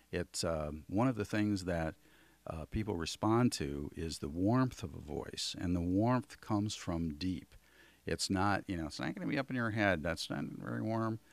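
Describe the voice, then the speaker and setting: A man with a low, gravelly voice leads a voice workshop. He talks in a relaxed way and shows where the voice can sit as he teaches. The sound is dry and close. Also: dry recording. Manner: relaxed, demonstrates voice placement while teaching. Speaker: voice coach. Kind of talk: workshop lesson.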